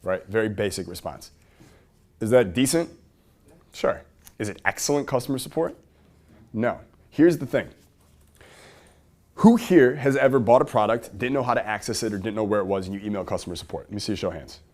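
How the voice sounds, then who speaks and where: A man teaching a workshop to a live audience in a room, energetic and asking the audience questions. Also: fairly low pitch, a little fast, pauses often. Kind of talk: live seminar talk to an audience.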